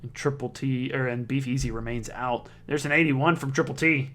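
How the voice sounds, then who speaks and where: A man's voice: medium pitch, steady tone, moderate pace, background noise. A man giving casual play-by-play commentary on a darts league, chatty, reading out scores and viewer comments.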